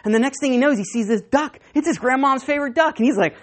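Animated woman preaching a sermon. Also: high-pitched, fast. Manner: storytelling, animated, swinging between hushed and emphatic. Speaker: pastor.

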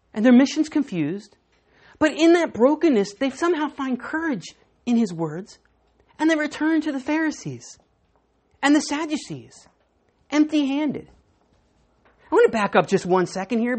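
A woman pastor preaching a sermon, emphatic, often repeating words and swinging between loud and hushed. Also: a little high.

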